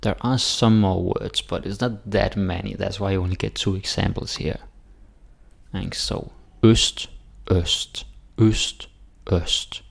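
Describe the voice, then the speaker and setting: A man teaching Danish pronunciation, slowly repeating word lists with short dry asides. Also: low-pitched, steady tone, gravelly, husky. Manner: slow, repetitive word drills with dry asides. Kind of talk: pronunciation lesson with repeated drills.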